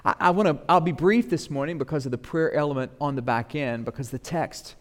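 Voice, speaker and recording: A man in his thirties, a pastor giving a sermon, chatty and humorous at times, then rising to loud, emphatic proclamation. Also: a little high, fairly quick. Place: church sanctuary. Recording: long reverb of a church hall.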